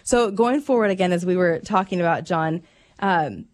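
On a radio call-in show, this co-host speaks in a lowish voice at a moderate pace. She is a chatty storyteller who laughs while she talks.

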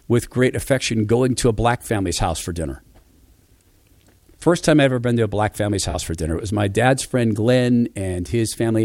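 A man's voice: on the low side, darkish tone, dry recording. A man from Spokane giving a reflective personal monologue, telling stories in an earnest, affectionate way. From Spokane, USA. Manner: storytelling, acting out quoted voices.

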